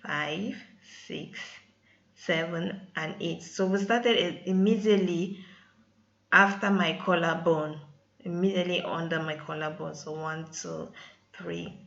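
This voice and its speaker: A woman's voice: on the low side, steady tone, unhurried, creaky, a bit bright, highs cut off. A woman with talking casually over her hair-care vlog, often addressing viewers as "guys". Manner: chatty, keeps saying "guys". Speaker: hair vlogger.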